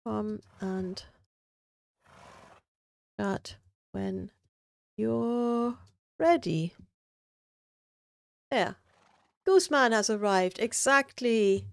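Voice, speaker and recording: A woman's voice: mid-range voice, very slow, creaky, long pauses, clear, resonant tone, dry recording, clean studio sound. A woman streaming a building game, chatting casually with viewers and thinking aloud with lots of fillers. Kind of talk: casual live-stream chat.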